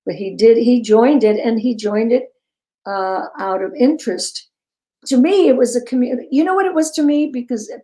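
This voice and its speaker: Older woman, mellow tone, animated storytelling, interview guest, laughs easily. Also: mid-range voice, low-quality recording. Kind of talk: casual interview chat.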